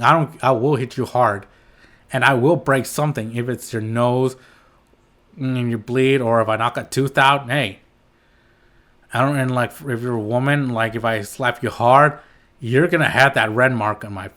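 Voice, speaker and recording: A man's voice: mid-range voice, fairly bright tone. A man hosting his own podcast, ranting in a heated, rambling way with blunt swearing and frequent restarts. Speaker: podcast host. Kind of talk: solo podcast rant.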